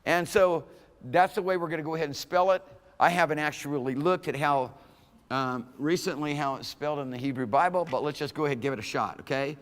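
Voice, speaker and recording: Talking fairly quickly in a fairly high voice, a man teaches introductory Hebrew to a lecture room, and his words leave a long reverb tail. His style is conversational, and "okay?" comes up often as he checks in with the class.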